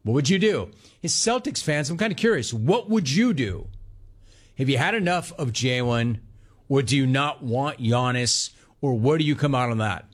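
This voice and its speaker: A man hosting a sports talk radio show, talking in a conversational, emphatic way with quick bursts and repeated words. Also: mid-range voice, expressive, slightly rough.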